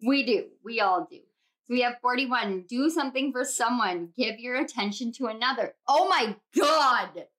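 A bubbly young woman talks her viewers through a tarot reading, gushing over the cards. Her voice sits a little high and rings bright and forceful. Her excitement spills over into quick laughs and squeals. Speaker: tarot reader.

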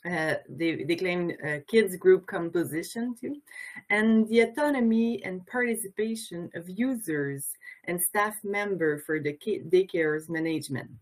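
Casting: low-pitched woman, Quebec French accent, hesitant non-native English, union talk on a video call. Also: a little slow. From Quebec, Canada. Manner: hesitant, many fillers and restarts, non-native phrasing. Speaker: childcare educator and union representative. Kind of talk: symposium presentation. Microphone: video call mic.

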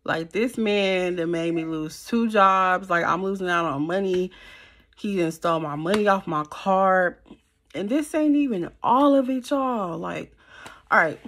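A young woman telling a personal story to camera in a casual, slangy, animated way. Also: lowish voice, a little slow. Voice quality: animated, slangy and conversational, with many fillers. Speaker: storytime vlogger.

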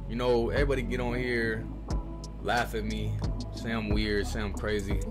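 A man's voice: fairly low pitch, level tone, moderate pace, loud music behind the voice. A man, a gaming video creator, delivering a profane, theatrical comedic rant. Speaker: gaming YouTuber.

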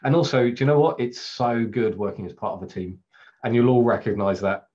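A middle-aged Englishman with an English accent, working as a Scrum trainer, gives a casual, chatty presentation over a video call. His voice is medium-pitched and darkish, and he speaks briskly, self-deprecating, laughing often and using many fillers. The webcast audio is lo-fi and slightly dull.

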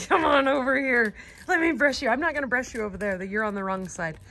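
A woman's voice: on the high side, a little fast, creaky, sharp tone. A woman filming on her farm, talking affectionately to her goats and cat in a doting, playful way. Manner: affectionate baby-talk to animals, frequent laughs. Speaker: farm vlogger. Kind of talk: casual talk to farm animals. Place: outdoors on a farm. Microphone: handheld camera.

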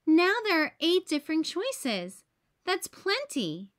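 A woman voicing an eager young boy in a read-aloud picture book, speaking in quick exclamations. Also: very high voice, huge pitch swings, a bit bright, pitched above the performer's own voice, full character voice.

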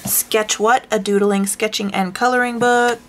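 A woman vlogger chatting casually while showing her coloring books, rambling and self-deprecating, with sighs and hushed asides. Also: medium pitch, fairly even intonation, moderate pace, slight background noise. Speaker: craft vlogger.

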